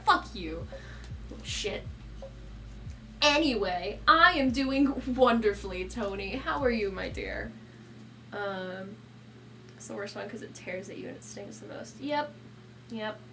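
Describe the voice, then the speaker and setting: A woman's voice: fairly high pitch, a bit bright, a little hiss or hum. A young woman streamer in casual live chat who swears a lot, laughs often and scolds her cat between remarks. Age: young adult.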